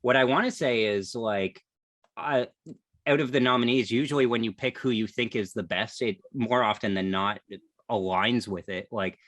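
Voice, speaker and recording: A man's voice: medium pitch, moderate pace, fairly bright tone, dry recording. Rambling man on a podcast, dry sound. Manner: rambling, hedging, full of "like" and "um". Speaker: podcast co-host. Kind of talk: casual podcast chat.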